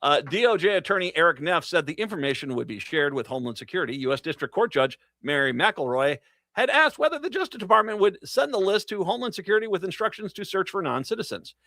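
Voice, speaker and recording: A man's voice: sits high, big pitch swings, quick pace, pushed and bright. A man hosting a political talk radio show, reading news stories and breaking into sarcastic, mocking asides with laughs.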